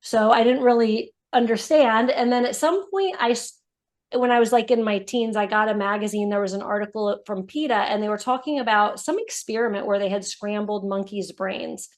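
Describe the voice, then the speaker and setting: A woman guest on a podcast, telling her story in a casual, animated way, with lots of "like" and "you know". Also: medium pitch, normal speed. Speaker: guest, brand founder.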